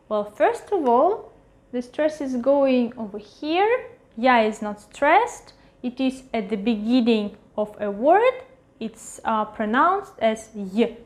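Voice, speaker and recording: A woman teaching a pronunciation lesson at a whiteboard, repeating each word slowly several times. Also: fairly high pitch, a little mellow. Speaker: language teacher. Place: at a whiteboard with a marker.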